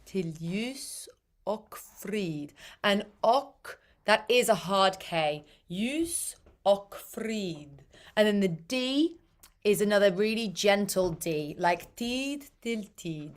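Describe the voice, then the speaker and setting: A woman coaching singers on diction, taking her time and speaking unhurriedly. She repeats sounds over and over to demonstrate them, with a voice sitting at an ordinary middle pitch for a woman. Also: animated, slow pace. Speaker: choir pronunciation coach.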